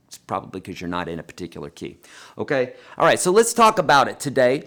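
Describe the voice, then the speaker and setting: A man hosting a live guitar lesson and Q&A, chatty and animated, talking to viewers as friends and reading their questions aloud. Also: medium pitch, fairly quick. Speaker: guitar teacher hosting a livestream.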